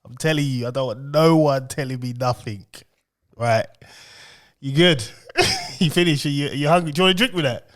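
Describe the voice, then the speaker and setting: A man's voice: mid-range voice, a little fast. A young adult man co-hosting a podcast, teasing his co-host in casual banter and laughing often.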